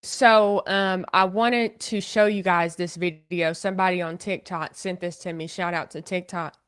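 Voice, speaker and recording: A woman with a thick Oklahoma accent delivers blunt, opinionated commentary on a recorded clip. Her voice sits on the low side for a woman. She is direct and unhurried. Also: steady tone, a bit bright, clean tone. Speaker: online commentator. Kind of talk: video commentary.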